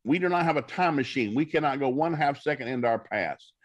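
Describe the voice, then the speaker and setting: A man's voice: mid-range voice, animated, fairly quick. A minister telling stories on a talk show, folksy and preacherly, acting out the people he quotes. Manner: folksy preacher storytelling, acts out dialogue. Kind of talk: storytelling talk-show guest.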